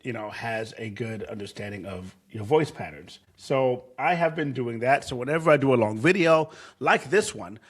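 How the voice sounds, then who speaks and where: A man's voice: medium pitch, a bit bright. A man hosting a casual screen-share tutorial, talking loosely with fillers and restarts. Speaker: tutorial host.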